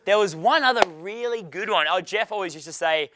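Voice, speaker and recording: Brash man coaching, bright voice. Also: high voice, brisk, no room sound. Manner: brash, profane, laughs often. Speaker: dating coach. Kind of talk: live seminar Q&A.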